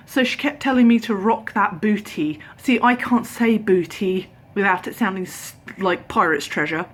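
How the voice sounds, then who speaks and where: A woman's voice: fairly low pitch, lively intonation, normal speed, hardly any pauses, slight background noise. A tired young British woman chatting to her camera at home, telling stories animatedly, acting out voices and sometimes dropping to a whisper. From Britain. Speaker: vlogger. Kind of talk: casual chat. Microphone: camera held at arm's length.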